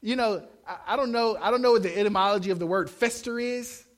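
A young man preaching a sermon, animated, acting out the quotes he shouts. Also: high-pitched, quick pace. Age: young adult. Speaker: pastor.

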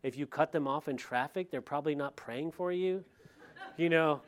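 A man, a middle-aged pastor, preaching a verse-by-verse sermon in a conversational way, with lively retelling and asides to the congregation. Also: fairly high pitch, moderate pace. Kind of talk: expository sermon.

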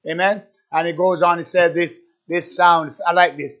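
A man's voice: fairly high pitch, level tone, normal speed, fairly bright tone. A man preaching a fervent sermon, repeating himself and firing rhetorical questions at his listeners. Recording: dull lo-fi recording.

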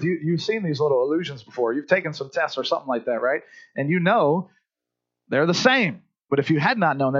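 High-voiced preacher, lo-fi. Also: male voice, fairly bright tone. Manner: conversational, asks the congregation questions, repeats words. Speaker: pastor. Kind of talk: preaching a sermon. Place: church service.

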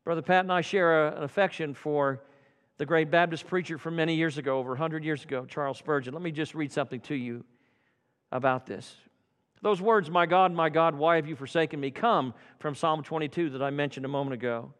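A man preaching an evening church sermon, swinging from loud fervent calls to hushed quiet passages. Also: fairly high pitch, a little fast, big-room sound. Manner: dramatic swings from loud fervor to hushed tones. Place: church sanctuary.

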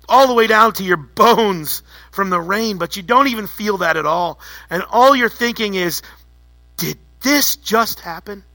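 A man's voice: high-pitched, sharp tone, dry recording. A man preaching a sermon, drawing listeners into a story told in the second person and repeating phrases for effect. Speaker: pastor.

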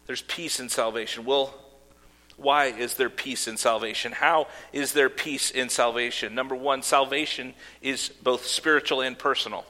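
A man's voice: mid-range voice, steady tone, moderate pace, bright, forceful tone. A man preaching a sermon as pastor, earnest, with casual asides and fillers. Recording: long hall reverb.

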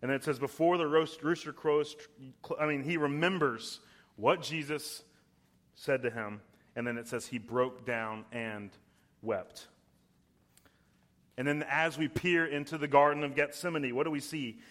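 A young man delivers a sermon in a fairly high voice. He is emphatic, slows down to stress key words, and briefly puts on voices when he quotes someone. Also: fairly even intonation, fairly bright tone. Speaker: preacher.

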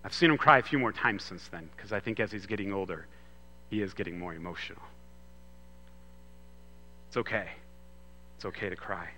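Guy preaching a sermon, bright voice, kinda chatty with lots of restarts, long echo in a big church hall. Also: low voice, normal speed, pauses often. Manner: conversational preaching with frequent restarts. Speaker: pastor.

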